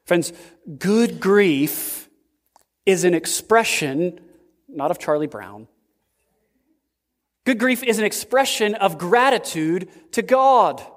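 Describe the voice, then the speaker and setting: A man preaching a sermon as pastor, slow and emphatic, with sudden swings in pitch. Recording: long reverb of a large hall.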